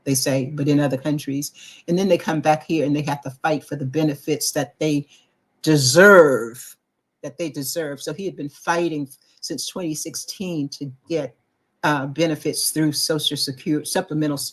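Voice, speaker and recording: A middle-aged woman co-hosting a talk show, telling a personal story in casual chat and acting out the voices of people she quotes. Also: low voice. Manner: animated storyteller, acts out quoted voices, restarts often.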